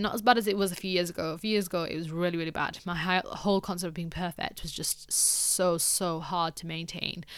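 A woman's voice: mid-range voice, fairly bright tone, clear, resonant tone, no echo, clean studio sound. A young woman telling a personal story on her podcast, candid and rambling, with many fillers and restarts. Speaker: podcast host.

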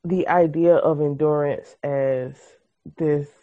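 A woman co-hosting a podcast in casual chat, expressive and storytelling. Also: low voice, slow pace. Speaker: podcast co-host. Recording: muffled video-call audio.

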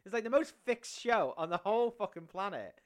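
A man telling stories in casual podcast chat, animated and swearing a lot, acting out scenes. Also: high-pitched, a little fast. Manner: animated storytelling, swears often, acts out scenes. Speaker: podcast co-host.

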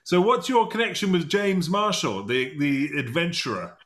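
A man's voice: fairly high pitch, very animated, moderate pace, fairly bright tone. A middle-aged man hosting a casual interview, rambling with many restarts and fillers. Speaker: podcast host.

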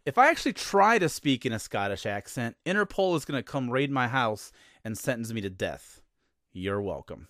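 A man from the United States hosts his podcast in a chatty monologue, dropping sarcastic asides as he goes. His pitch rises and falls a lot. The sound is dry and close, with no room around it. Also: dry recording. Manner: sarcastic, lively storytelling with asides. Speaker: podcast host. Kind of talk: casual monologue.

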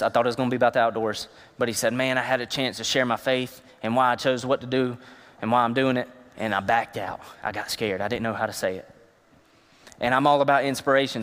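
A youth pastor preaching a sermon, telling personal stories in a conversational, emotional way. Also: male voice, mid-range voice, steady tone, a little fast, fairly bright tone, in a large hall.

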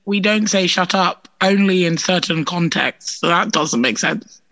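A woman co-hosting a casual family podcast, with a dry, deadpan manner. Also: on the low side, unhurried. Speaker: podcast co-host.

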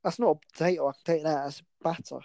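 A man's voice: a little high, fairly even intonation, rapid-fire, vocal fry, mellow, no echo, rough recording. A man co-hosting a casual chat, rambling and effusive, easily going off on tangents. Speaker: podcast co-host.

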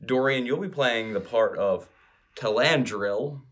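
A man's voice: medium pitch, very animated, moderate pace, a bit bright. A man hosting a casual, jokey chat about games, playful and joking around. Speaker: podcast host.

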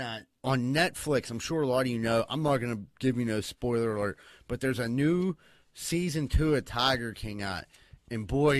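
A man's voice: mid-range voice, no room sound. A young man talking casually on a podcast, crude and rambling, laughing at his own stories. His voice sits mid-range and the recording is close and dry, with no room sound. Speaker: podcast co-host. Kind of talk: casual chat.

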